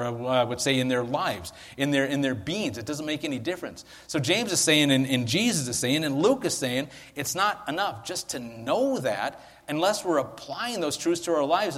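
A man's voice: on the high side, fairly bright tone, long reverb tail. A man giving a chatty, conversational sermon as pastor, often checking in with his listeners. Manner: chatty, asks listeners "right?". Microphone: handheld or stand mic.

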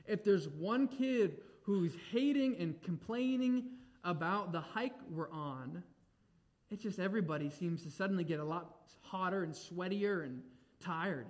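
A young man preaching a sermon, emphatic, moving between raised exclamations and quiet reflective asides. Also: high voice, animated, a little slow.

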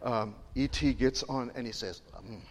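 A man's voice: mid-range voice, measured pace. A male pastor preaching a sermon in a chatty, digressive way, joking with and questioning his congregation. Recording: long reverb in a large hall.

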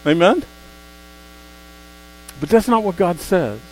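Guy preaching a sermon, goes hushed then loud, faint hum under it. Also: medium pitch, poor audio. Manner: swings from soft, slow asides to loud emphatic exclamations.

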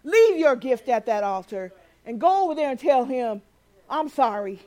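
High-pitched lady preaching, animated, laughs and does little voices. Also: moderate pace. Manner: animated, acts out quoted voices, laughs often. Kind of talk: sermon.

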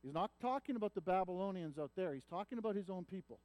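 Preacher: high-pitched man, dry close sound, earnest sermon delivery that builds to pleading cries. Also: expressive, fast, a little mellow, dry recording. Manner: earnest preaching that swells when voicing a prophet's cries. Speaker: pastor.

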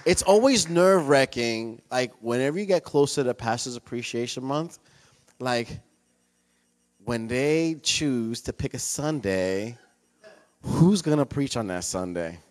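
A church minister speaking to the congregation, hesitant with many fillers and restarts, turning playful. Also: male voice, medium pitch, expressive, a little slow. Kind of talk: church announcement. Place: church sanctuary.

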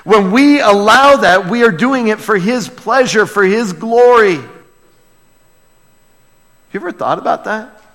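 A male pastor preaches with a lively, swooping voice that sits a little high for a man, and he takes his time over each phrase. He keeps turning to his congregation with questions. The sound rings with long reverb from a large church hall. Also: a little slow, long pauses. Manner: animated, talks directly to the congregation with questions. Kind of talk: sermon.

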